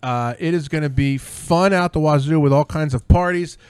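A tipsy man hosting a podcast. He tells rambling, excitable stories and swears freely. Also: a little high, moderate pace, clear, resonant tone, no room sound. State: tipsy from drinks. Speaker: podcast host. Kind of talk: casual podcast chat.

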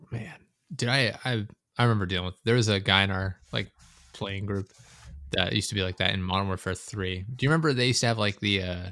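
Swearing, laid-back low-voiced podcast host. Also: male voice, moderate pace, pauses often, bright, forceful tone, no room sound, studio quality. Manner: rambling, swears often, laughs a lot. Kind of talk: casual gaming podcast chat.

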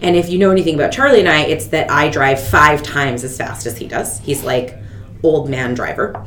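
A woman in her thirties hosting a podcast, telling a story in casual chat and acting out the people she quotes. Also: moderate pace. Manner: animated, quotes people with big pitch jumps. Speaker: podcast host. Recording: echoey room with faint rumble.

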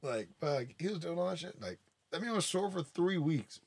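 A man's voice: on the high side, very animated, moderate pace, breathy edge. A man hosting a casual podcast, telling rambling, profane family stories with lots of "like". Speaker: podcast host. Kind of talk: casual storytelling chat.

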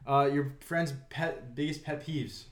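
A man's voice: fairly high pitch, steady tone, a little slow, reverberant. A young man hosting a casual podcast, rambling and laughing often as he tells stories. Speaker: podcast host. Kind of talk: casual chat.

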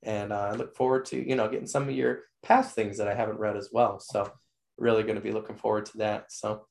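Male podcast host, hoarse, fry-heavy low voice, rambling and enthusiastic. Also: level tone, quick pace, darkish tone. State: losing his voice. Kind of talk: casual interview wrap-up.

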